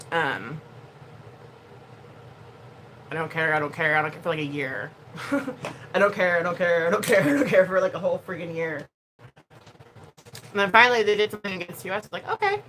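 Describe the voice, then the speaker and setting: A woman vlogger talks straight to her camera in a loose, casual way. Her voice leaps around in pitch with a bright, forward edge, and she keeps moving between quiet mutters and sudden loud bursts. A faint hiss sits under the recording. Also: fast talker, poor audio. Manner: animated, expressive, swings between soft and loud. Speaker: YouTuber.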